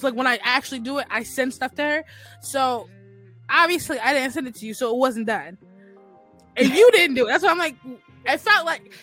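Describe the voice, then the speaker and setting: A woman's voice: high-pitched, bright, forceful tone. A woman co-hosting a casual chat podcast, telling stories bluntly and candidly with slang. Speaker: podcast co-host.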